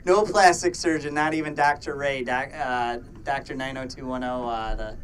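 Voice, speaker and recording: A man's voice: mid-range voice, steady tone, normal speed, slight background noise. A man co-hosting a podcast in casual, joking chat, often stumbling over his words. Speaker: podcast co-host.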